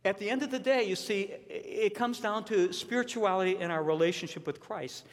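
A man's voice: sits high, normal speed. A man preaching a sermon as a pastor, earnest and emphatic, repeating his key points. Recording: long reverb of a large hall.

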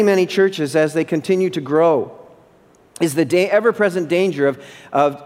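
A male pastor delivering an emphatic sermon in a church, repeating phrases for stress. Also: on the high side. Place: church sanctuary. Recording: long hall reverb.

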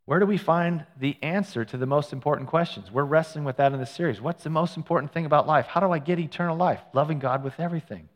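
A man preaching as a pastor in a relaxed, conversational way, telling personal stories with asides and self-corrections. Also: fairly high pitch, fast talker, hardly any pauses, in a large hall. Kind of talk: sermon. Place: church sanctuary.

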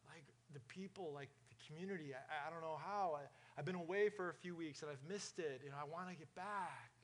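A man voicing a casual churchgoer, mumbling hesitantly in a low, quiet voice. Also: a little fast, lightly acted. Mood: musing. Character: casual churchgoer musing aloud, male.

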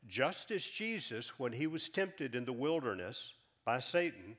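A man preaching a sermon, reading scripture aloud with rising emphasis and dropping softer when he explains. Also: mid-range voice, very animated. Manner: reads scripture aloud with rising emphasis, then drops soft; earnest, measured teaching. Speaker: pastor.

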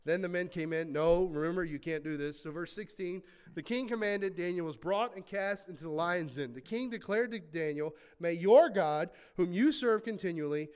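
A man with a high voice preaches a sermon with lively, animated delivery. He reads scripture aloud and then breaks into casual asides. His volume swings from forceful emphasis down to quiet, hushed remarks. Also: normal speed, hardly any pauses, clear, resonant tone. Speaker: pastor.

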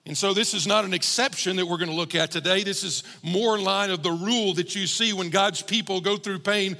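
A man's voice: high-pitched, fairly even intonation, brisk, gravelly, sharp tone, in a large hall. A man preaching a sermon as pastor, earnest and growing emphatic.

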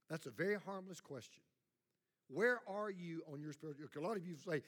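Male pastor, middle-aged, blunt sermon delivery with call-and-response, somewhat high voice, long church reverb. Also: expressive, brisk, a bit bright. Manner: blunt, plain-spoken preaching with congregation call-and-response. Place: church sanctuary.

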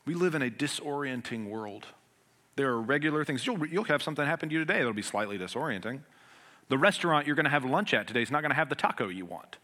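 A man preaching a sermon as pastor. He talks in an earnest, conversational way with everyday humor, swinging between loud emphatic passages and hushed ones. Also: medium pitch, expressive, fast talker.

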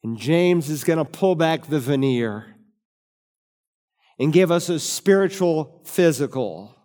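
A middle-aged male pastor preaching a sermon with emphatic rises on key words and deliberate slowing. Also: a little high, expressive, warm tone. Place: church sanctuary. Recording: long hall reverb.

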